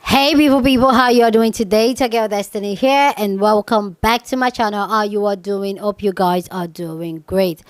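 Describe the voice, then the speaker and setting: A woman's voice: medium pitch, fairly even intonation, normal speed, few pauses, no echo. A woman hosting a reaction video, greeting her viewers and talking casually and directly to them. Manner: chatty, talks straight to viewers.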